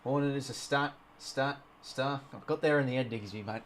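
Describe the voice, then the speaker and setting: An Australian man hosting a live watch-along, calling the play as it happens, getting excited on big plays and chatting to his viewers in between. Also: medium pitch, normal speed, a little hiss or hum. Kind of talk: live play-by-play commentary over a match.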